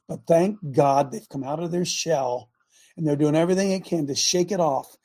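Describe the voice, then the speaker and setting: A man's voice: a little high, gravelly, warm tone, husky. A middle-aged man hosting a show and preaching a conversational sermon, fervent and often checking that listeners follow him.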